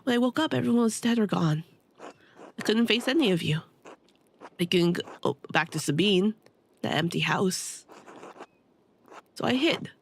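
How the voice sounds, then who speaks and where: A worn-out old hermit scholar, voiced by a woman reading game dialogue aloud, speaking in a subdued, halting way. The voice sits at an ordinary middle pitch with a faint hiss of noise behind it. His grief weighs on every line. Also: expressive, lightly acted. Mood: somber. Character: weary grieving older male hermit scholar.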